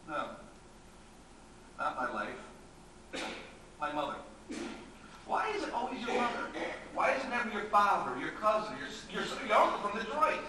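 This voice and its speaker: An actor on a theatre stage playing an anxious, rambling, self-mocking middle-aged writer, recorded from far off in an echoey, noisy hall. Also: male voice, high voice. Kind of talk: live stage acting. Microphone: distant room mic.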